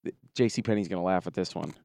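A man hosting a podcast, chatting casually and telling stories with lively quoted voices. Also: low-pitched, fast talker, creaky, no room sound. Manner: animated storyteller, puts on voices in quotes. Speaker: podcast host. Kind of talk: casual chat.

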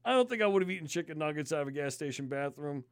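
A man's voice: a little high, racing, clear, resonant tone, no room sound, clean studio sound. A man telling a disgusted, swear-filled story in casual podcast chat. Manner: animated, swears constantly, disgusted ranting. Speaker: podcast host.

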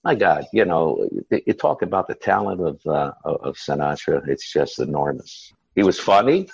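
A man's voice: extremely low pitch, big pitch swings, moderate pace, vocal fry, darkish tone, husky, no room sound, dull audio. A man, telling rambling stories as an interview guest, full of "you know" and "uh.". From United States. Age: 70s. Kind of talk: casual storytelling interview.

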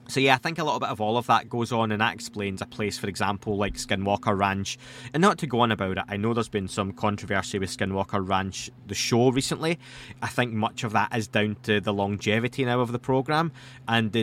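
A man's voice: lowish voice, fairly bright tone, slight background noise. A man, hosting a podcast and answering listener questions in a casual, rambling way with self-deprecating asides.

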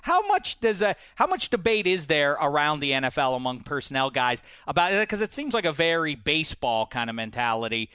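A man hosting a sports talk show in a bright, clear voice, recorded close and dry. He argues with animated swings in pitch and presses his co-host with pointed questions. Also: no echo. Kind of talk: sports radio debate.

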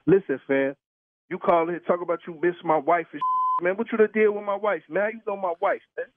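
A man's voice: high voice, steady tone, brisk, dry recording. A man on a phone call, talking in a slangy, repetitive and indignant way as the target of a prank call. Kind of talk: heated phone argument. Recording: tinny phone line.

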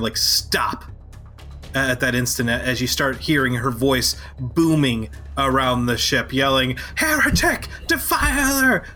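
A man narrating as game master of a tabletop game, halting and full of fillers, now and then shouting short character lines. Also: mid-range voice.

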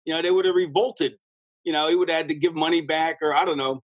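Husky, rambling male storyteller. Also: fairly high pitch, brisk, dry recording, rough recording. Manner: rambling, animated, lots of restarts and quoted dialogue. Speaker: guest, former pro wrestler. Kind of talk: casual storytelling in an interview.

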